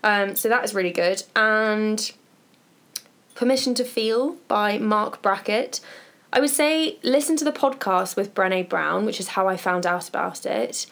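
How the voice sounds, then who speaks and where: Woman podcast co-host, vocal fry, chatty book recommendations. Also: mid-range voice, a little slow, a bit bright. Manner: conversational, thinking aloud with fillers. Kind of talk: casual chat recommending books and podcasts.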